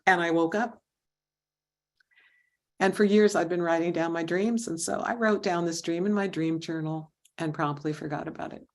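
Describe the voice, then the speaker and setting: A woman in her thirties tells a personal story as a prepared club speech. Her voice sits fairly low, and she brings the people in her story to life with animated quoted lines. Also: moderate pace. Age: 30s. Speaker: Toastmasters speaker.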